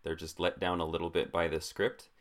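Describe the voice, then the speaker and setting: Low-voiced young man chatting about movies. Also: little pitch movement, fairly quick. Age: 20s. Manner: filler-heavy, rambling with frequent "like". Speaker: podcast co-host. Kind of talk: casual chat about movies.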